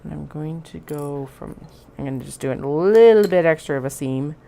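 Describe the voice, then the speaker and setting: A woman with a low, mellow voice and some vocal fry talks at a normal speed while sewing a bag on stream. She narrates each step to herself casually, amused by her own work, as a sewing machine runs in the background.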